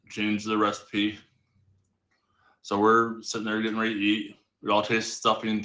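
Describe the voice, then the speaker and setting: A man guest on a live stream, casually telling a rambling family anecdote with quick restarts. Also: fairly low pitch, sharp tone, roomy sound. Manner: rambling, self-correcting storyteller. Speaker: storytelling guest. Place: home streaming setup.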